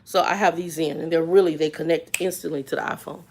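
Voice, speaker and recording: A woman in her fifties telling a story on a live stream in a folksy, plain-spoken way, swinging from loud outbursts to hushed asides. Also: deep voice, steady tone, fast talker. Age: 50s.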